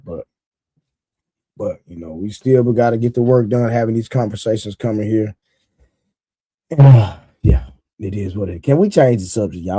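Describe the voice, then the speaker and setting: A man's voice: on the low side, animated, normal speed, long pauses, mellow, breathy edge, no echo. A man hosting a casual livestream, talking loosely and repeating himself, laughing often and reading viewers' comments aloud to his chat. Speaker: livestream host.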